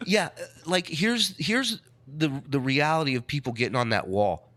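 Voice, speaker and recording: Bright, dry-sounding podcast co-host. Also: male voice, on the high side, sing-song, moderate pace, no echo. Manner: profane, emphatic storyteller. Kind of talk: casual mocking chat.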